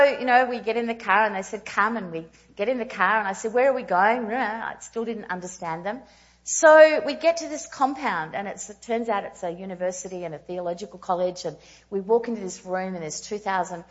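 A woman in her thirties preaching a storytelling sermon, animated and self-mocking with quick asides. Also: medium pitch, muffled recording. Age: 30s.

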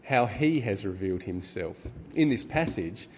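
Middle-aged male preacher, measured teaching sermon, slight low pitch, faint room hum. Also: lively intonation, darkish tone. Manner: measured teaching tone with filler ums. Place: church hall. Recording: reverberant hall with faint ambience.

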